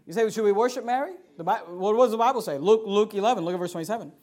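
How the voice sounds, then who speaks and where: A man with a notably high voice delivers a sermon from the pulpit. He preaches emphatically but conversationally, often restarting his sentences as he builds his point. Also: very fast, darkish tone. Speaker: pastor.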